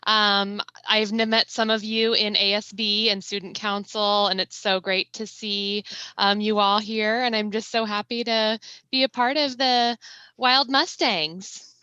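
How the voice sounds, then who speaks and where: A woman's voice: mid-range voice, fairly even intonation, a little slow, bright, forceful tone, smooth, no echo, dull audio. A woman school nurse introducing herself cheerfully as a podcast guest. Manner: friendly, cheerful greeting. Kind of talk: casual podcast chat.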